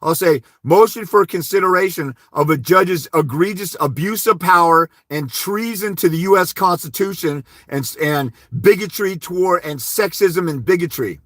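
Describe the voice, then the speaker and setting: A man's voice: high voice, normal speed, hardly any pauses, fairly bright tone, no echo, studio quality. A man hosting a live advice stream, speaking bluntly and emphatically, urging listeners to confront the court. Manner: mimics timid speakers with mumbling "wah wah". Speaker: host giving legal advice.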